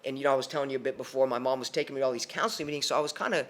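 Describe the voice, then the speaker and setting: A young man tells a personal story on a podcast, in an animated way and with many restarts. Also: medium pitch, very fast.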